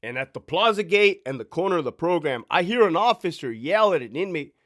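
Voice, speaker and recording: A former prison sergeant in his thirties tells his stories in a blunt, emphatic way, swearing freely and firing off rhetorical questions. His voice sits a little high for a man and moves around a lot in pitch. It comes across as a casual, animated monologue. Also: fairly quick.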